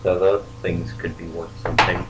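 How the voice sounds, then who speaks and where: A man's voice: deep voice, level tone, a little fast. A man playing a tabletop role-playing game, talking casually and asking unsure questions. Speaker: player. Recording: noisy home recording.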